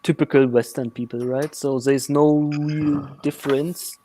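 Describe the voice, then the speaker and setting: A man from Ukraine joins an online panel chat. He talks in a halting way, with a slightly higher voice than most men. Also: steady tone, mellow, poor audio. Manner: hesitant, halting speech. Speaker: panel guest. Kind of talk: casual group chat.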